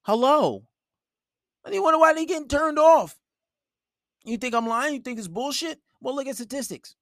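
A blunt, foul-mouthed man lectures on dating in a dry, close recording. His voice sits high for a man and stays forceful and direct. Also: lively intonation, moderate pace, no echo. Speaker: relationship advice host. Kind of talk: blunt advice monologue.

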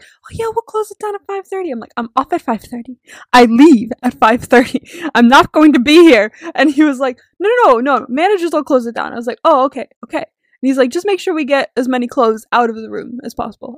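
A young woman co-hosting a podcast, telling stories in an animated way, swearing freely and laughing often. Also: high-pitched, dry recording, clean studio sound. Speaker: podcast co-host. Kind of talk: casual chat.

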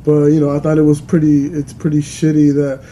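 A man's voice: a little high, completely flat delivery, brisk, mellow, a little hiss or hum. A man hosting a casual podcast, joking and swearing freely with his co-host.

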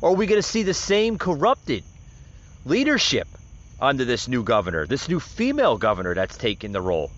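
Rambling man with a lively voice. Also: mid-range voice, fairly quick. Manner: rambling, many filler words and restarts. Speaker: podcast host. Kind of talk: casual political commentary. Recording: dull lo-fi recording.

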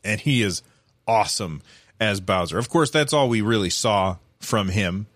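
A man giving casual, animated commentary, rambling with lots of fillers and restarts. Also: on the low side, normal speed, no room sound.

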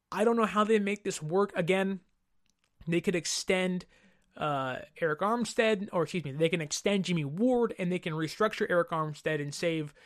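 A man hosting a casual sports talk show, giving strong opinions while often hedging and thinking aloud. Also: high voice. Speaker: sports podcast host.

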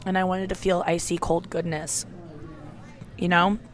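A woman in her thirties with a sore throat hosts a casual solo podcast from an airport gate, chatty, candid, self-mocking and freely swearing. Her voice is on the low side, level in tone and measured in pace. Music plays faintly behind her.

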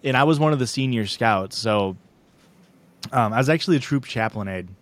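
A man's voice: mid-range voice, animated, fairly quick. A young man co-hosting a podcast, telling rambling, self-deprecating stories in casual chat and laughing often. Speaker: podcast co-host.

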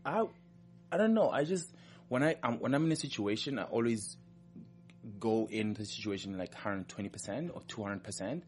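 Deep-voiced upbeat dancer with an accent. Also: male voice, lively intonation, a little fast. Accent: non-American. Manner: upbeat, emphatic, repeats phrases. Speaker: professional dancer, guest. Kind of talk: casual interview chat.

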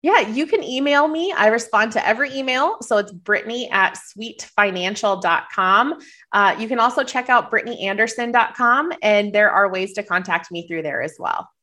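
A woman's voice: fairly high pitch, moderate pace, bright, forceful tone. A woman from Minnesota with a light Minnesota accent and a slight cold, giving earnest, encouraging advice as a podcast guest. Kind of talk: casual interview answers.

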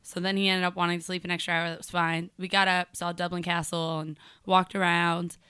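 A young adult woman co-hosting a casual chat show, telling animated, profane stories. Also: on the low side, fairly quick, clean tone, no echo, clean studio sound. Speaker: podcast co-host.

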